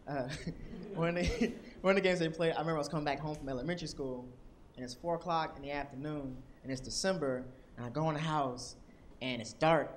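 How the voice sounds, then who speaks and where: A young man from Washington, D.C. performing stand-up comedy on stage, animated and acting out characters in shouted voices. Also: on the high side, slight background noise. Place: comedy club stage with audience.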